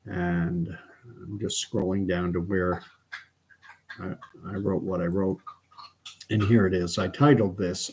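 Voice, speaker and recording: A Canadian man with a somewhat low-pitched voice hosts a late-night livestream from his home. He reads aloud from his own writing at an unhurried pace, often pausing on fillers and restarting sentences. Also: a little mellow, slight background noise. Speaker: channel host.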